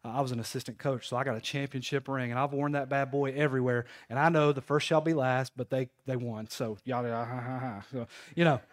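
A man's voice: mid-range voice, flat delivery, quick pace, few pauses. A man, preaching a folksy sermon in church with call-and-response to the congregation. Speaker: pastor. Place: church sanctuary.

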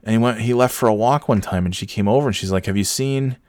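A man with a fairly low voice tells a long, meandering story from his office days, swearing freely and tripping over fillers. He grows more worked up as the tale goes on. The sound is dry and close, with no room around it. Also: fast, darkish tone, no room sound. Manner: rambling, profane, filler-heavy, growing exasperated. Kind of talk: casual anecdotal monologue.

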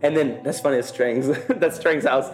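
A young man co-hosting a podcast in slangy, profane casual chat, telling animated stories. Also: mid-range voice, moderate pace. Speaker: podcast co-host.

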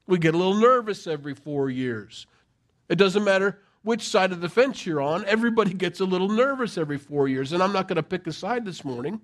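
A man's voice: high-pitched, animated, a little fast. A middle-aged man preaching a sermon, conversational and emphatic, with rhetorical questions. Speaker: pastor.

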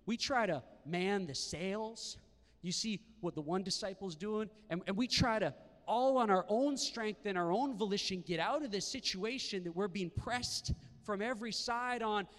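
A man preaching a sermon to a live congregation in a church hall, animated and acting out quoted voices. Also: high voice. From Canada. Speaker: pastor. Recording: long hall reverb.

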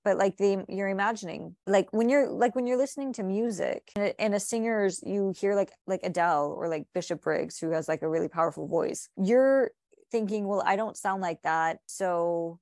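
A woman's voice: mid-range voice, a little mellow, no room sound, clean studio sound. A woman speaking as a client in a hypnosis session, rambling earnestly and encouragingly with many fillers and restarts.

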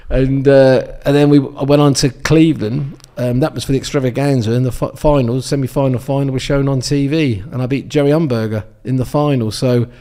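Mellow-voiced older English man telling stories. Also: medium pitch, fairly even intonation, a little fast, few pauses. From England. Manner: rambling anecdotes with many ums and restarts. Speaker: guest, former darts champion. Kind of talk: casual storytelling interview.

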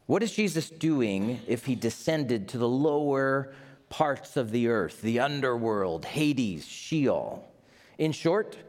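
A middle-aged man, preaching a sermon as pastor, telling stories and acting out quotes with big jumps in pitch. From Tennessee, USA. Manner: lively storyteller, acts out quotes, jumps in pitch.

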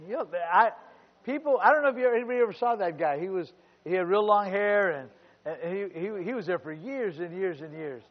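An older man preaching as a pastor tells personal stories with fervent, rising exclamations in an animated voice that sits high and moves a little fast. He's in a church sanctuary, and the recording is muffled with long reverb.

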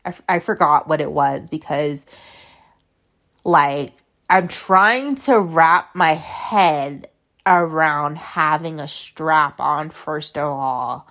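Low, unhurried woman telling a blunt story. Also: fairly bright tone. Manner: blunt, profane, lots of "like" fillers. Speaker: podcast host. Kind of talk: casual storytelling.

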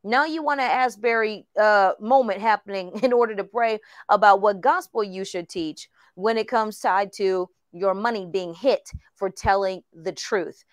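A woman's voice: medium pitch, unhurried, few pauses, no room sound, studio quality. A woman apostle hosting a ministry talk, telling stories with animation and frequent laughter. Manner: animated storytelling, laughs often. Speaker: host, apostle. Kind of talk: casual ministry discussion.

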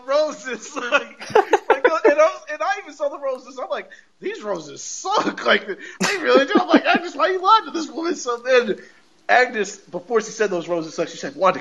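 A man's voice: high-pitched, sharp tone, dull audio. A podcast host casually recapping a TV episode, laughing often and acting out the characters' lines as he retells the scenes.

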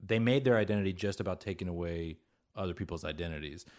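A man's voice: low-pitched, darkish tone. A man who is a guest on a podcast, talking casually in a wry, opinionated way. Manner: fast, talkative, wry and opinionated. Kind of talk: casual conversation.

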